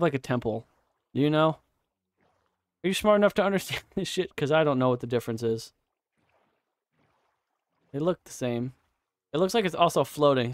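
A man's voice: fairly high pitch, no echo. A man giving casual, profane live commentary while playing a game, chatting to himself and his viewers. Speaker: streamer.

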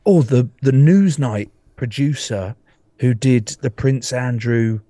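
A man's voice: mid-range voice, takes it slowly, dark tone, no room sound. A man on a video call chatting about his podcast, rambling and swearing, laughing often. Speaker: podcast guest. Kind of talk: casual chat.

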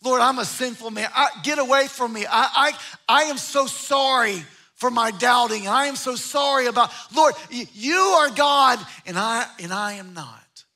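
A man's voice: very high voice, normal speed, pushed and bright, exaggerated voice. A man acting out an overwhelmed apostle confessing his sins, in a pleading tone. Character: humbled male apostle confessing before his Lord.

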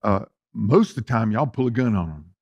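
With a fairly low pitch and lively intonation, a male preacher talks directly to the congregation in a down-home sermon, moving between forceful emphasis and hushed asides. He speaks at normal speed, and the audio sounds dull.

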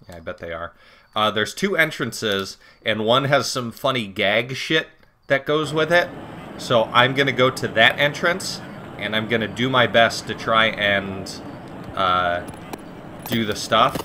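A man casually commenting on a game, reading its lines aloud, swearing and joking with sudden loud outbursts. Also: fairly low pitch, unhurried, slight background noise. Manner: profane, joking, animated outbursts. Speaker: let's play commentator.

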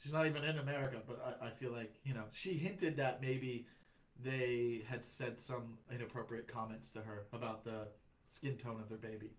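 A man's voice: medium pitch, fairly even intonation, moderate pace, low-quality recording. A young man chatting on a comedy podcast as a guest, rambling and reflective, with many restarts. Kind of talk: casual podcast chat.

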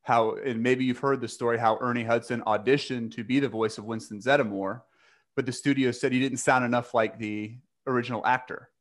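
A man's voice: medium pitch, steady tone, a little fast. Upbeat male podcast host. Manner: upbeat, welcoming, friendly questions. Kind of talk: casual interview chat.

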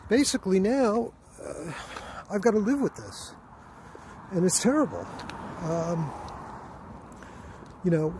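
A man vlogging a personal account in a halting way, with many fillers and restarts and a weary, aggrieved tone. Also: high voice, sing-song, a little mellow, a little hiss or hum. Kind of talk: casual personal account to camera.

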